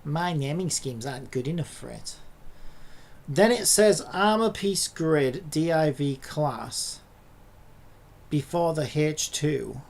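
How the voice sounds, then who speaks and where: A man's voice: fairly high pitch, slow pace, vocal fry, darkish tone. A man in a casual coding vlog who swears and rants in exasperation at his screen. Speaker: hobby programmer.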